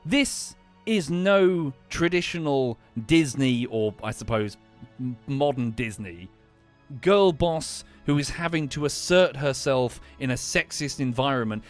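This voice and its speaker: A man's voice: mid-range voice, normal speed, faint music behind. A young British man giving casual, rambling commentary as a streamer, full of restarts and fillers. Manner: animated, with many restarts and fillers.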